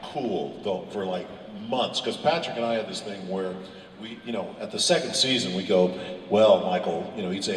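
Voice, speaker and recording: A man on a convention panel telling an animated anecdote, acting out quotes with big swings in his voice. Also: low-pitched, normal speed. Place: large convention hall. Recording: echoey hall from far off.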